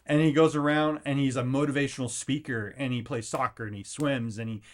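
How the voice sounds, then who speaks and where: A man's voice: medium pitch, a little fast. Rambling, fired-up male podcast host. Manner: energetic, rambling, acts out quotes in jumpy voices; filler-heavy, with frequent restarts. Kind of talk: motivational rant.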